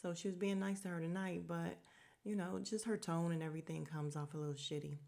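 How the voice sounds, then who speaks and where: A woman's voice: fairly low pitch, fairly even intonation, fairly quick, vocal fry, mellow. A woman hosting a podcast, recapping a TV episode in a chatty, frank way, laughing and swearing as she goes. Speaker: podcast host.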